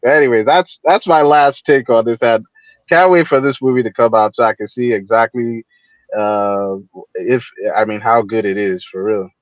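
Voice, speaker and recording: A man's voice: mid-range voice, fairly even intonation, no room sound. A man calling into a livestream, talking casually with many restarts and getting heated as he makes his point. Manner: halting, repeats words, gets heated. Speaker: stream guest. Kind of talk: casual call-in commentary. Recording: dull, dry lo-fi call audio.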